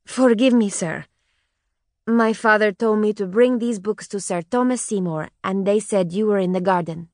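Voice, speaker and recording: A woman's voice: mid-range voice, no room sound, clean studio sound, voice pushed up, natural voice. A woman putting on a solemn little Spanish girl. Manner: very slow, grave. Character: solemn nine-year-old Spanish girl, cool and eerie.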